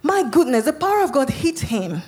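A woman's voice: high-pitched, big pitch swings, moderate pace, a little mellow. A woman preacher telling her testimony in a sermon, dramatic and vivid, with sudden emphatic bursts. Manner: speaks in tongues.

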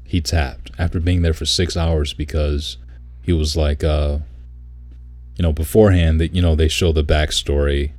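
A man's voice: very deep voice, flat delivery, moderate pace, a little mellow, dry recording. A man chatting casually, telling a story with lots of swearing and mimicking people. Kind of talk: casual chat.

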